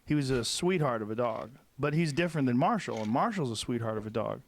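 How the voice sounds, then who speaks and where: A man chatting casually, telling relaxed, rambling stories about his dogs. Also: medium pitch, fast, vocal fry. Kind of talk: casual chat.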